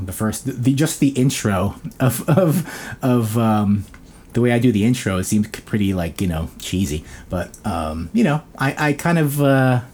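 A man's voice: on the low side, a little mellow, a little hiss or hum. A man co-hosting a casual podcast, jokey and self-mocking, rambling with lots of fillers. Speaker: podcast co-host.

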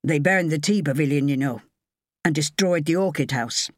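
A woman voicing a gruff, barking older Scottish male head gardener with a Scottish accent, in an audiobook. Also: deep voice, moderate pace, dry recording, studio quality.

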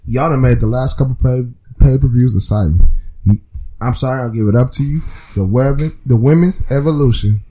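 A man's voice: mid-range voice, fairly quick. A man co-hosting a casual podcast, delivering a profane, emphatic rant. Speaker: podcast co-host. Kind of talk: casual chat, ranting. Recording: loud noise behind.

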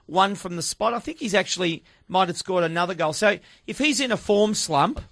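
A man's voice: sits high, fairly quick, a bit bright, no room sound, clean studio sound. A man, a football pundit on a sports radio show, argumentative and teasing toward his co-hosts.

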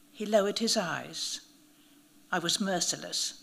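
A woman narrating a first-person audiobook at a mid-range pitch. Her reading is measured and vivid, with scripted, steady storytelling.

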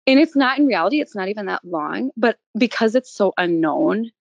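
A woman's voice: mid-range voice, lively intonation, a little fast, creaky, no echo, highs cut off. Woman, thirties, interview guest; emotional, candid telling, dry recording. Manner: emotional, tearful storytelling with laughs.

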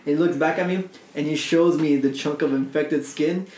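A man's voice: on the high side, normal speed, a little hiss or hum. Young guy telling a story, echoey room. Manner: animated, swearing, laughs through his story. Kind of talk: casual storytelling among friends.

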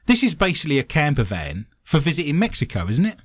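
Lively jokey man hosting a chat show. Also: a little high, quick pace, noisy background. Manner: jokey, animated, breaks into silly voices. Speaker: show host. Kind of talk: comedic chat show banter.

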